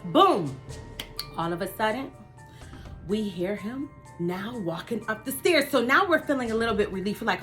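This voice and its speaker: A middle-aged woman hosting a vlog, telling a family story in an animated, dramatic way and acting out what the others said. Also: mid-range voice, moderate pace, faint music behind. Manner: animated, dramatic retelling that acts out the others' lines.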